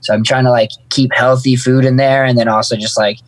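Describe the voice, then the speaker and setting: A man's voice: mid-range voice, little pitch movement, a little fast, no room sound, poor audio. A man who snowboards, chatting as a guest in an easygoing, rambling way. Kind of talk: casual interview chat.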